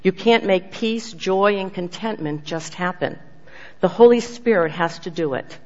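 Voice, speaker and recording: Earnest devotional speaker, emphatic then hushed, mid-pitched, muffled lo-fi recording with a long hall tail. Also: unhurried. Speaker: speaker giving a devotional message. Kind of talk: sermon with personal testimony. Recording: dull lo-fi sound with long hall reverb.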